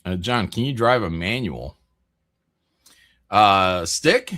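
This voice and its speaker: A man's voice: on the low side, lively intonation, takes it slowly, sharp tone. A man hosting a casual live stream, rambling through chat messages with frequent jokes, laughs and swearing. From American Midwest.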